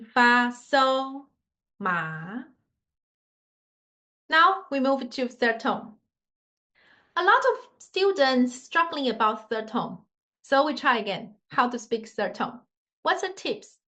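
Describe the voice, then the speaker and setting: In this tone pronunciation lesson, a woman with a high, slightly bright voice teaches Mandarin tones to learners. Her delivery is slow, patient and demonstrative, and her English grammar is non-native.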